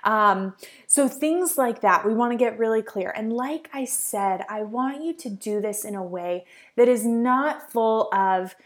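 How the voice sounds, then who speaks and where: A woman's voice: a little high, measured pace. A young woman, a life coach, hosting a solo podcast in an earnest, encouraging way with plenty of "like" and "um" fillers.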